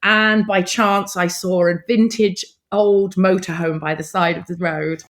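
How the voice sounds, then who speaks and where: A middle-aged woman, a podcast guest telling her story in a lively, expressive way and acting out past conversations. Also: on the low side, measured pace.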